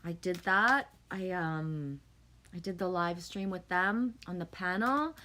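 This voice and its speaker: A woman's voice: fairly low pitch, slow pace, pushed and bright, slight background noise. A woman chatting casually with viewers on her live stream, swearing often and sometimes calling herself "me".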